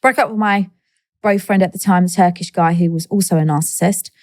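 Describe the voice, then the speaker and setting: A woman's voice: fairly low pitch, a little fast, dry recording, clean studio sound. A woman in her thirties, a guest in an interview, telling her story candidly and acting out the people she quotes. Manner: animated, quirky, acts out quoted people.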